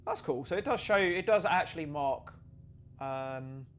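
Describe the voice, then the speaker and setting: A man's voice: a little high, lively intonation, normal speed. A man streaming a game live, chatting as he plays, thinking aloud and reading out chat messages and donations. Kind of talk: live game playthrough commentary.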